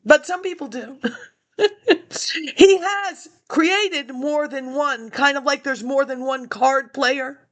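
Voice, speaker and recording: A high-pitched woman talks casually to her viewers in a loose, rambling monologue. She skips from one thought to the next and chuckles at her own remarks. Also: slow. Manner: chatty, jumps between topics, chuckles to herself.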